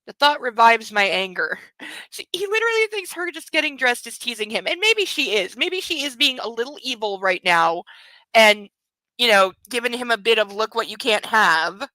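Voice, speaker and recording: A woman's voice: on the high side, sing-song, normal speed, sharp tone, no echo, low-quality recording. A woman hosting a book club, reading a novel aloud and breaking off with mocking, laughing commentary. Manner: mocking asides between read passages; laughs often.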